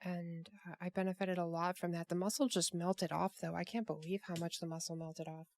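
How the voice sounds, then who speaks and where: A woman's voice: fairly low pitch, flat delivery, fairly quick, slight background noise. A woman hosting a casual group chat over a call, rambling with many restarts and fillers. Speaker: podcast host.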